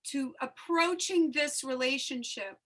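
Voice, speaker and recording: A woman with a high, bright voice hosts a relaxed spiritual chat. She tells a personal story in an animated way, open about her feelings and letting the emotion come through. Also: a little slow. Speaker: host.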